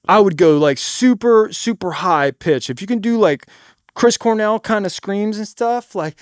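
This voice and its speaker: High-voiced man giving laid-back, slangy stage advice. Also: animated, measured pace, clean tone, dry recording, clean studio sound. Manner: demonstrates stage patter by suddenly getting loud. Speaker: singer in a cover band. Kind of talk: casual advice monologue.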